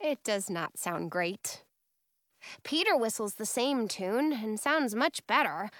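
A woman's voice: a little high, lively intonation, slow pace, fairly bright tone, no echo, studio quality. A woman reading a first-person storybook expressively and playing every character. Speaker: storybook narrator.

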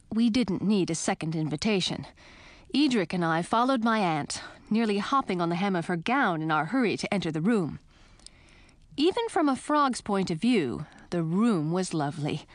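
A woman reading a first-person storybook aloud in an expressive, animated way. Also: mid-range voice, moderate pace, no room sound. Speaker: audiobook narrator.

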